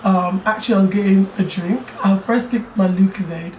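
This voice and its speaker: A young man tells a personal story to friends in a loose, animated way, often turning to his listeners to make sure they follow. He is recorded from a little way off in an echoey room, with a faint hiss behind him. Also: sits high, a little fast, recorded from a distance. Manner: animated, chatty, keeps asking "do you know what I mean". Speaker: YouTuber telling a personal story. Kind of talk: casual storytelling chat.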